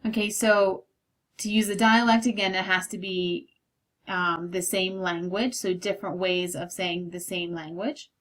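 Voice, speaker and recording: A woman's voice: fairly low pitch, fairly even intonation, unhurried, a bit bright. A woman college instructor with a West Virginia accent, giving a recorded lecture with frequent ums and okays.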